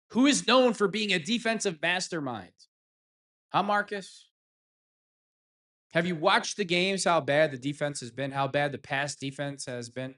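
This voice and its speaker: A man's voice: a little high, bright, forceful tone. A man hosting a fan reaction show, ranting heatedly and sarcastically at sports pundits. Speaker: sports commentary host.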